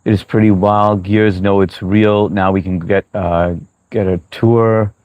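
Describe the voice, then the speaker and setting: Male streamer, lowish voice, chatty rambling delivery, dry close mic. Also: flat delivery, unhurried, a little mellow, dry recording, muffled recording. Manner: rambling, chatty, many fillers and restarts. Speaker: livestream host reading chat. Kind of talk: casual live-stream chat.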